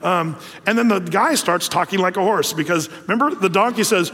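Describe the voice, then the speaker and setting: High-voiced folksy preacher in a big hall. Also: male voice, fairly quick, pushed and bright. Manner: folksy and humorous, with frequent fillers. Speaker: pastor. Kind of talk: sermon.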